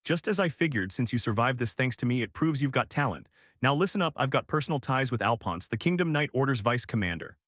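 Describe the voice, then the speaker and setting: A man voicing an arrogant, boastful male adventurer from a storybook-style recap who talks in a smug, booming way. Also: animated, fast talker, a bit bright, dry recording, clean studio sound. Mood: smug bragging. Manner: smug, booming, self-important.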